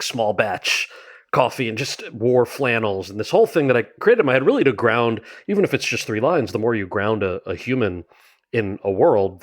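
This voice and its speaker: A man talking as a guest about his memoir in an interview, telling candid, wry stories in a conversational way. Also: on the low side. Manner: animated, candid, wry storyteller. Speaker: guest author.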